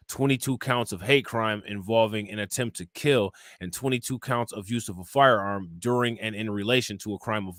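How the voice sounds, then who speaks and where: A man's voice: fairly low pitch, a bit bright, dry recording, clean studio sound. A man hosting a live-stream crime show, talking loosely and conversationally, reading reports aloud and keeping asking the viewers questions. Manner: loose and conversational, keeps asking "you know what I'm saying?"; reads charges and reports aloud, then reacts and questions viewers. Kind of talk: casual live-stream commentary reading news and chat.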